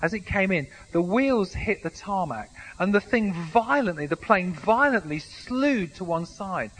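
A man's voice: sits high, lively intonation, a little slow, rough recording. A man preaching a sermon in a conversational way, with humorous asides and frequent restarts. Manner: conversational, self-deprecating humour, frequent restarts. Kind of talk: sermon with anecdotes.

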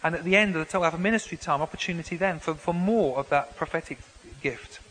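High, bright-voiced male preacher in a reverberant hall. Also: quick pace. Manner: conversational preaching with frequent restarts and repeated words. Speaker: pastor. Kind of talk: sermon. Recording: long hall reverb, faint background noise.

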